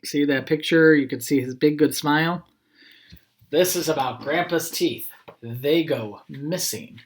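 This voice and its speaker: A school principal reads a picture book aloud to children, chatting gently in asides. His voice is fairly high and unhurried, with a roomy echo in the recording.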